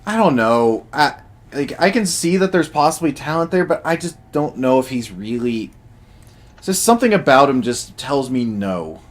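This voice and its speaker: A man's voice: mid-range voice, very animated, normal speed. A man co-hosting a casual wrestling podcast, talking hesitantly with many restarts and reading out chat. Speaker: podcast co-host.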